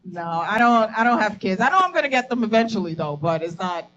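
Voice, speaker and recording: A woman's voice: medium pitch, expressive, moderate pace, a bit bright, highs cut off. A young woman performing a profane stand-up comedy set at a live venue, laughing at her own jokes.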